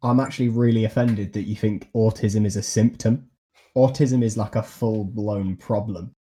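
Low, mellow-voiced young man, teasing. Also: steady tone, moderate pace. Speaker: podcast co-host. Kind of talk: casual chat.

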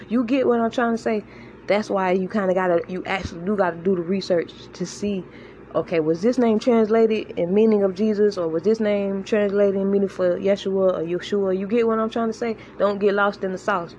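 A woman's voice: mid-range voice, a little mellow, muffled recording. Woman giving informal faith talk, earnest, keeps asking u get it, faint hiss behind her. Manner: earnest, conversational, repeats herself, checks in with listeners. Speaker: online faith encourager. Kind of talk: informal religious teaching monologue.

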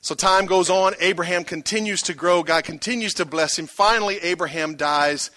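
Male pastor preaching, big swings loud to quiet, bright edgy voice, kinda high, dry sound. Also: normal speed, no room sound. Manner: dramatic, swings from loud to hushed; asks the crowd rhetorical questions. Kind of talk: sermon.

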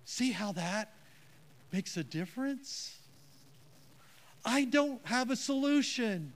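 Guy preaching, pretty high voice, takes his time, gets emphatic then jokes at himself. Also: animated, takes it slowly, long pauses. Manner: earnest, emphatic, self-deprecating. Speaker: pastor. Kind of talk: sermon.

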